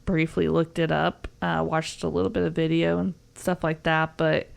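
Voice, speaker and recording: Giggly Southern woman, gravelly low voice. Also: level tone, normal speed. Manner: chatty, giggly, rambling with fillers. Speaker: podcast co-host. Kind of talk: casual podcast chat.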